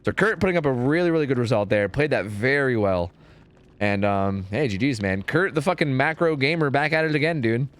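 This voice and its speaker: A man streaming and casually commentating a competitive match, chatty and profane, thinking out loud. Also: medium pitch, a little fast.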